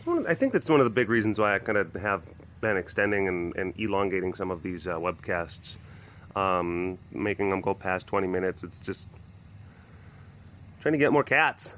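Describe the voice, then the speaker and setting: A man's voice: fairly low pitch, sing-song, moderate pace, fairly bright tone. A man who looks after big cats, chatting casually to camera in a rambling way with many restarts. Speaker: big cat caretaker. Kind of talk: casual vlog chat.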